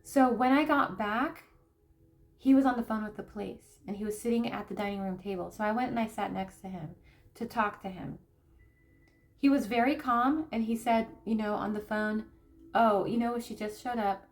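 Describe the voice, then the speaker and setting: A woman spiritual coach speaking candidly to camera in a personal teaching talk, halting and repeating phrases as she reflects. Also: medium pitch. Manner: soft, grounding, reflective. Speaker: spiritual coach and tarot reader.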